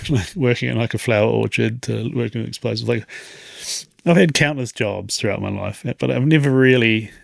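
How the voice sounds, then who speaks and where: A man's voice: medium pitch, moderate pace, creaky, no echo, clean studio sound. A man in his late thirties hosting a podcast, talking in a rambling, reflective way and chuckling often. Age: 30s. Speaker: podcast host. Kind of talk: casual podcast monologue.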